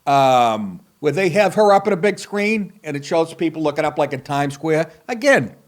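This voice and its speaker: A man's voice: a little high, lively intonation, normal speed. A man hosting a comedy podcast, talking in a profane, rambling, sarcastic way. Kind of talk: casual comedic podcast monologue.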